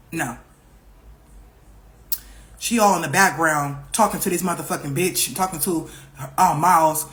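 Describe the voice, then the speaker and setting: Animated young woman telling a story. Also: deep voice, unhurried, pauses often. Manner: animated, profane, repeats herself, acts out other people's lines. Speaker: vlogger. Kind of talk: casual storytime vlog.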